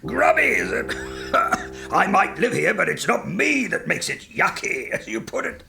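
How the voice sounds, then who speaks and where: A man voicing an old male spider in a children's storybook, talking slowly with a mocking, amused, gravelly voice. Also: sits high, big pitch swings, music in the background, voice pushed up, heavily acted. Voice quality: gravelly, cackling voice.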